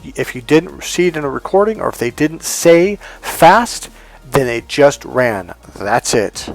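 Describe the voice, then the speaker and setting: A man's voice: a little high, very animated, a little slow, vocal fry. A man giving relationship coaching advice in a blunt, emphatic monologue, acting out the voices he quotes.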